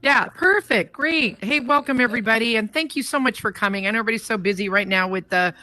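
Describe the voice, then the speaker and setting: A woman's voice: on the high side, fast talker, pushed and bright, dry recording. A woman hosting a live talk show in a virtual world, effusive and emotional, talking through a headset mic. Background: faint guitar music.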